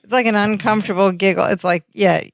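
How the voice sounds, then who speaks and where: Woman cohost on a rewatch podcast, normal pitch, dry close mic, narrates the plot with little quote voices. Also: steady tone, fast talker, gravelly, no room sound. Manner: narrates plot steadily, acting out quotes a bit higher. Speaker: podcast co-host. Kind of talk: casual chat recapping a sitcom.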